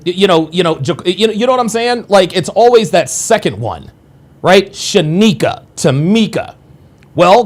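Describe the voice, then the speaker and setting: A man in his forties hosting a casual livestream, rambling and repeating himself with crude, profane asides to his viewers. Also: high voice. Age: 40s. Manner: addresses viewers directly. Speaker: livestream host.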